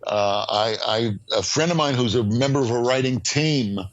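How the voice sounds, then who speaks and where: An older man speaking as a guest on a podcast, mid-pitched and emphatic. He tells his stories with energy, restarting sentences and padding them with fillers as he thinks aloud. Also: moderate pace, highs cut off. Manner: animated storyteller, emphatic, frequent fillers and restarts. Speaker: screenwriting professor guest. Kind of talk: podcast interview.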